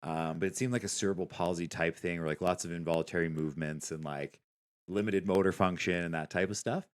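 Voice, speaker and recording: A man hosting a podcast, telling a story in a relaxed way with lots of fillers. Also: sits low, fast talker. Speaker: podcast host. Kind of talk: casual podcast chat.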